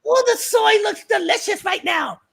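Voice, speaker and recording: A man doing a mocking impression of a smug, chirpy male film pundit who spins everything, in a squeaky, gravelly, giggly voice. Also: expressive, moderate pace, crowd noise, heavily acted. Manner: mocking impression, laughing and shouting. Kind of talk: comedic impression on a livestream.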